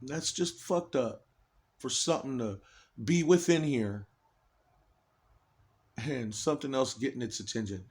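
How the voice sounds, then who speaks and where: A man's voice: medium pitch, a little slow, pauses often. A man in an agitated, rambling personal monologue, swearing heavily and restarting his sentences often.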